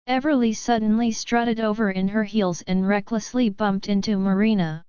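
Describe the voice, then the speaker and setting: A woman narrating a romance drama story in an even, measured reading. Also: a little high, clean tone, no echo, highs cut off.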